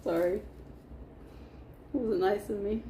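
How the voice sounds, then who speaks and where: A woman's voice: mid-range voice, fairly even intonation, slow, dark tone, a little hiss or hum. A woman chatting casually on a livestream from her living room, talking to her dogs and laughing often. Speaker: livestream host. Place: living room being painted, indoors.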